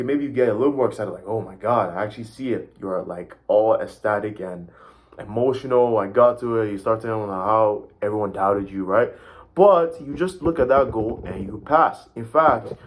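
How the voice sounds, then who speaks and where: A man giving an emphatic motivational talk to camera, often checking in with "right?" and pointing at a sketch as he explains. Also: medium pitch. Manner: emphatic, keeps asking "right?" and "you see". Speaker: motivational speaker.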